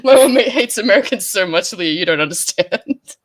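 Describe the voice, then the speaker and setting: A woman's voice: mid-range voice, animated, fairly quick, husky. An Australian woman co-hosting a casual stream chat, laughing often, swearing and acting out quotes. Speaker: stream co-host.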